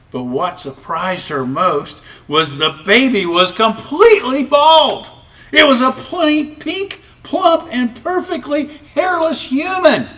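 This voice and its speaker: A man reading a children's storybook aloud with expressive, varied narration. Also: on the high side, far from the mic. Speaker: storybook reader.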